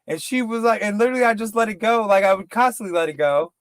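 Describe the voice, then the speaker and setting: A man in casual, profane podcast chat, rambling and slipping into quick impressions. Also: high voice, lively intonation, dry recording. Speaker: podcast co-host.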